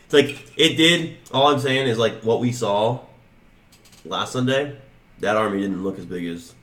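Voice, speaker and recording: A man's voice: on the low side, moderate pace, a bit bright, roomy sound. A man co-hosting a podcast in casual chat, rambling with lots of "like" and "you know what I mean.". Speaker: podcast co-host.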